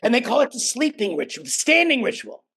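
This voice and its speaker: Gravelly, animated older man. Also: extremely high pitch, fast. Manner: emphatic, swears freely, acts out quoted voices. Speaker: guest. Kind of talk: animated conversational storytelling.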